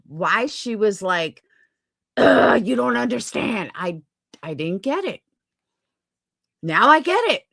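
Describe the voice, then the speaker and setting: A woman streamer vents in a heated, profane and repetitive rant on her livestream. Her voice is a little high and a bit bright, with no room sound.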